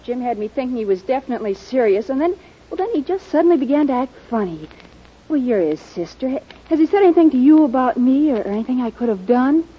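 A fretful lovesick young woman, very high, lively, muffled old ad. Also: fast, husky. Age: young adult. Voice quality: worried and breathless. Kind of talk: 1940s radio commercial drama. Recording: muffled old radio broadcast.

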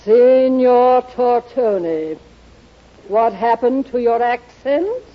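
An actress playing a fussy, excitable middle-aged mother in a 1940s radio sitcom, exclaiming and flustered. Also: on the high side, slow pace. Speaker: comic mother. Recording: muffled old radio broadcast with audience. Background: studio audience laughter.

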